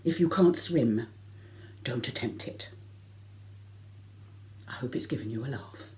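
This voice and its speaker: A woman's voice: rumbling low, animated, measured pace, darkish tone. Self-mocking woman telling a funny story. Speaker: variety concert performer. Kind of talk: comic personal anecdote.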